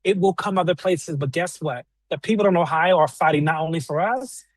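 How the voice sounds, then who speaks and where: A man's voice: on the high side, a little fast, no echo, low-quality recording. Fervent man giving a rally speech. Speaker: guest speaker, organizer.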